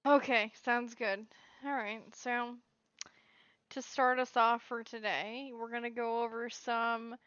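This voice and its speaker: Woman cohost, bright sharp voice, a bit high, chatty, dull dry mic. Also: little pitch movement, clean tone, no room sound. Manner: chatty, frank, quick to laugh. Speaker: podcast co-host. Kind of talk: casual chat.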